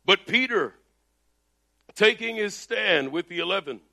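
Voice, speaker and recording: Male preacher, loud and emphatic sermon delivery, high bright voice. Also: lively intonation, measured pace, creaky. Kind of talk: energetic sermon. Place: Texas.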